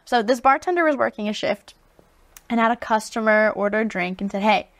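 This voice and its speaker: A woman hosts a casual talk show and reacts readily to her guest. Her voice sits fairly high. The recording is close and dry, with no room sound. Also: a bit bright, no room sound. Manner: reactive, chatty, quick to agree. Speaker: podcast host. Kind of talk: casual chat.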